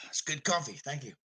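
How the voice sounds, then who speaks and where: A man's voice: a little high, bright, forceful tone, slight background noise, rough recording. A man hosting a casual live stream, reading chat comments aloud in a jokey, rambling way.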